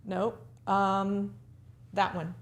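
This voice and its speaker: A woman's voice: medium pitch, completely flat delivery, drawn-out words. A woman in her thirties co-hosting a live marriage show, upbeat and laughing in casual chat. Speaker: co-host.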